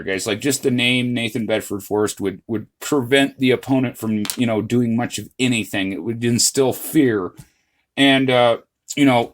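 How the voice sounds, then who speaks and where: Male vlogger, mid-range voice, off-the-cuff and rambling, heavy on fillers, earnest. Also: medium pitch. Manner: rambling, frequent "uh, you know" fillers and restarts; earnest, addresses viewers as "guys". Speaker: channel host. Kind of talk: casual history vlog monologue.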